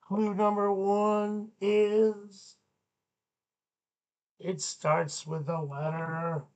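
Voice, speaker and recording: Slow-talking, goofy man as a kids' show teacher who jokes with puppets. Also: high-pitched, little pitch movement, darkish tone. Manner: goofy, playful banter with puppets. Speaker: children's show host and teacher.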